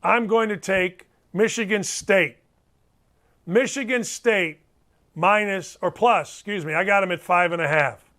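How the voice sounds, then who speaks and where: Man, middle-aged, high voice, sports talk host, blunt, emphatic, repetitive. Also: a little slow, sharp tone. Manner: blunt, emphatic, repeats himself for effect.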